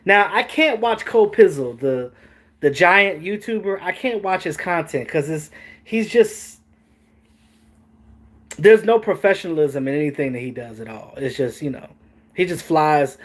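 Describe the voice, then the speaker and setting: Animated man, raised voice. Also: on the high side, unhurried. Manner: animated, joking and swearing, reacting to chat. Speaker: host. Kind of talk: casual sports talk stream.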